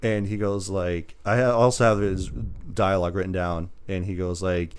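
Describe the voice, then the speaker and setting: A man's voice: low voice, level tone, moderate pace, smooth. A young man hosting a casual movie review podcast, animatedly retelling scenes with lots of "like" and "um". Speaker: podcast host.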